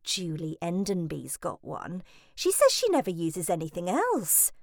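A fussy middle-aged mother chatters on in a high, sing-song voice that leaps all over the place, as a woman reads her aloud. She is breezy and pushy, never letting anyone get a word in. It's a storybook audiobook voice, close and dry. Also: huge pitch swings, a little slow, gravelly, no room sound, full character voice. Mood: gushing. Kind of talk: audiobook reading.

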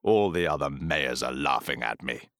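A very deep, pompous mayor. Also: male voice, expressive, normal speed, fairly bright tone, no echo, clean studio sound, full character voice. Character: pompous blustering male town mayor. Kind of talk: full-cast audiobook acting.

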